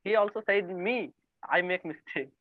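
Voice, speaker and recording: A teenage boy from India with an Indian English accent, answering his tutor in a halting, respectful way and often saying "yes, ma'am.". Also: high-pitched, no room sound. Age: teens. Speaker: student. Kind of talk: tutoring session, answering questions. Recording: tinny phone-like call line.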